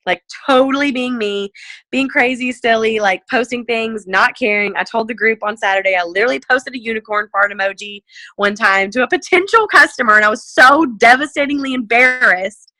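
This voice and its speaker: A woman's voice: fairly quick, no room sound. A woman leading a casual sales coaching talk over a video call, chatty and full of "like" and "you know," perking up when she acts out messages. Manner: animated, jumps up in pitch when acting out messages. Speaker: direct sales team leader. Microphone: video call mic.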